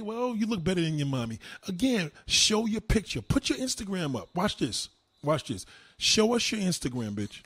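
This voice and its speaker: A man on a livestream fires back at his chat, loud and mocking, his fairly high voice leaping around with every jab. His tone is slightly husky and the sound is dry and close, with no room around it. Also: no room sound. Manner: loud, combative, profane, mocking. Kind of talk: live-stream rant.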